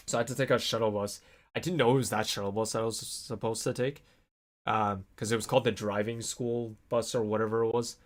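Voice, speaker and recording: A young adult man vlogging alone, telling a long casual story with many fillers and animated swearing-to-God asides. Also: lowish voice, a little fast.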